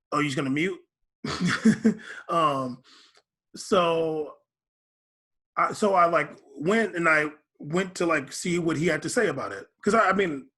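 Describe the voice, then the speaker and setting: A man co-hosting a podcast in a loose, rambling way, stopping and restarting his sentences. His voice sits a little high and sounds husky. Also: sharp tone. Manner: rambling, full of fillers and restarts. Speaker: podcast co-host. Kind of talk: casual podcast chat.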